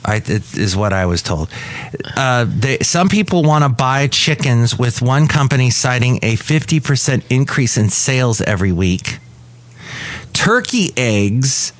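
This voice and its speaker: Brief: male podcast host, playful and rambling, lively up-and-down pitch. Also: normal speed. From California. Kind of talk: casual chat.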